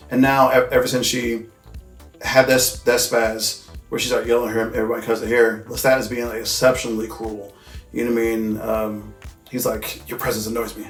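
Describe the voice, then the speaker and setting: A man hosting a casual movie recap, talking in a loose, rambling way, with lots of filler words and swearing. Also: medium pitch. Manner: loose, rambling and profane, full of "like" and "you know what I mean". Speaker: host. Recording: echoey room with faint music.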